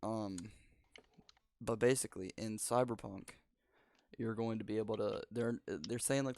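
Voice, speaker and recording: A man's voice: lowish voice, gravelly, a little mellow, no room sound. A teenage boy hosting a casual podcast chat, rambling and laid-back. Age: teens. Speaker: podcast host. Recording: dry home recording over spotty internet.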